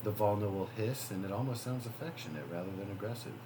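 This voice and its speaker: A man narrating as game master of a tabletop role-playing game, relaxed and chuckling between lines. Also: on the low side, quick pace, a loud crowd, poor audio.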